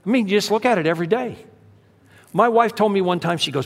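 A man preaching a sermon as pastor, telling stories in an animated way and acting out the voices he quotes. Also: high-pitched, fairly quick. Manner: animated storytelling, acts out quotes. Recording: long hall reverb.

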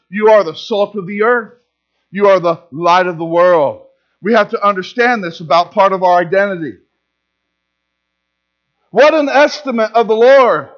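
A man with a high voice delivers a sermon to his congregation during a church service. The pastor speaks emphatically, repeats key phrases and puts questions to his listeners. The recording is dull and lo-fi, with a steady mains hum underneath.

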